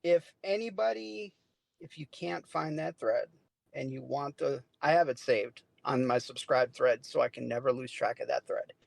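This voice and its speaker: Gravelly guy guesting on a podcast, relaxed, dry sound. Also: medium pitch, normal speed, dry recording. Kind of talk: casual podcast chat.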